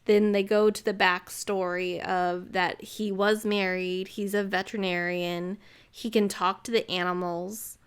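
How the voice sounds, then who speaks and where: A woman's voice: medium pitch, clean tone. An American woman co-hosting a podcast, chatting bluntly and casually about a film she watched, swearing freely. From United States. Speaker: podcast co-host reviewing films. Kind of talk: casual chat.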